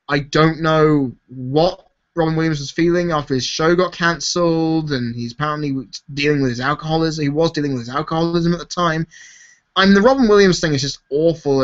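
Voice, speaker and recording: A man's voice: on the high side, a bit bright, lo-fi sound. A young man hosting a live question-and-answer chat for his viewers, talking candidly and rambling as he answers. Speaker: YouTuber host. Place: home, seated in a chair.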